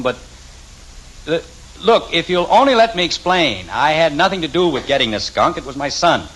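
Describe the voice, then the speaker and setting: A man's voice: fairly high pitch, fairly bright tone, heavily acted, low-quality recording. An actor playing a flustered middle-aged family father in a 1950s radio sitcom, exasperated and sputtering.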